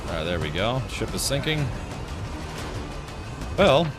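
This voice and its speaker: A man hosting a casual gameplay livestream, chatting in a lively way with quick asides as he plays. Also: medium pitch. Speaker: streamer. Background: game music.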